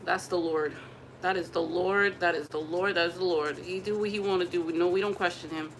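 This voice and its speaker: A woman's voice: on the low side, brisk, slight background noise, low-quality recording. Chatty woman vlogging to camera. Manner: animated, chatty, laughs and talks to viewers. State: pregnant. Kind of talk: casual chat to camera.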